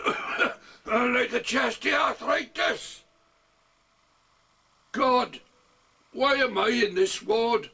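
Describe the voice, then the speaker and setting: An older man recites his own comic verse at home, slow and wry, with little asides. His voice is gravelly and husky. He sits some way off from the mic. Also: very high-pitched, sharp tone, distant mic. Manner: wry storytelling delivery with chuckles and asides. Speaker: amateur poet.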